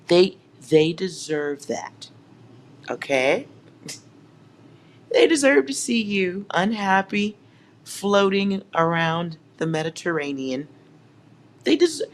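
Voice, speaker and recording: A tarot reader doing a collective reading from home, speaking right to the viewers with playful, mocking sarcasm and breaking into laughter again and again. The delivery is slow and drawn out at a middle pitch. A faint room ambience hums behind the voice. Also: a little hiss or hum.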